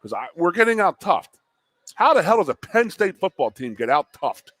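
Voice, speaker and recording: A man co-hosting a sports talk show, getting animated and worked up, with lots of restarts. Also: high voice, moderate pace, no room sound. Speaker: co-host, former player.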